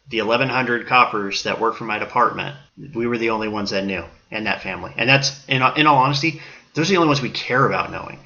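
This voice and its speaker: Male police officer guest, earnest, bright tone, dull audio. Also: fairly low pitch. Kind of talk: casual podcast talk.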